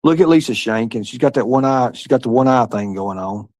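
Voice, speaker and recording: A man's voice: medium pitch, animated, brisk, a little mellow, dry recording. A man hosting a livestream, reading chat and talking in a rambling, profane, repetitive way. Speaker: livestream host.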